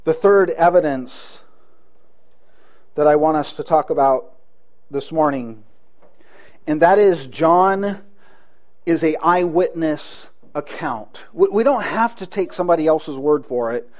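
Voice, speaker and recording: A man's voice: a little high, unhurried, pauses often. A man preaching a sermon, earnest, with frequent restarts and rhetorical questions to the congregation. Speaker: pastor.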